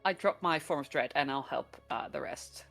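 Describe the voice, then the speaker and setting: A woman's voice: sits low, normal speed, a bit bright, faint music behind. A woman player in a tabletop game, casual and giggly, who swears and stumbles over words.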